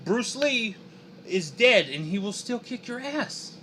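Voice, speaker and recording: A man's voice: very high voice, sing-song, slow, sharp tone, a little hiss or hum. A young man chatting casually on a drawing livestream, joking and reading chat aloud. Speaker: streaming artist.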